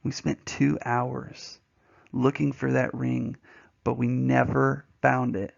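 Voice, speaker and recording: A man teaching a poetry lesson, telling a story in an animated way and acting out voices and sounds along the way. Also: medium pitch, slow pace, creaky, lo-fi sound.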